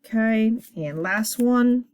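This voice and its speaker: A woman teacher leading a children's reading lesson, encouraging her class and sounding words out slowly at a board. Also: on the high side, darkish tone, smooth, dry recording, studio quality.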